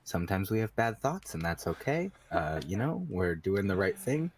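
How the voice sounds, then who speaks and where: A man's voice: sits low, very animated, moderate pace, a little hiss or hum. A man playing an anxious male prisoner in a tabletop game, talking in a hesitant, stammering way. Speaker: player.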